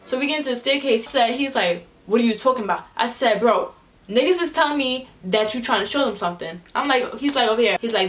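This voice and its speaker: A woman's voice: a little high, fast talker. A young woman vlogger telling a storytime in casual slang, acting out the people she quotes. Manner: animated, slangy, acts out quotes in different voices. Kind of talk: storytime vlog.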